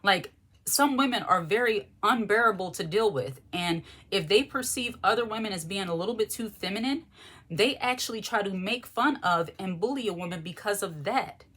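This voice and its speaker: A woman's voice: mid-range voice, animated, normal speed, a bit bright, breathy edge. Frank, emphatic woman vlogger. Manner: frank and emphatic, loose and conversational. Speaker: lifestyle vlogger. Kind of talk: candid monologue to camera.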